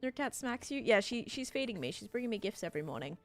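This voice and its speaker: Chatty young woman streaming with lively pitch. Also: quick pace. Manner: chatty and rambling, many fillers, answers viewers. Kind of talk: casual live-stream chat, reading chat aloud. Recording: faint music behind voice.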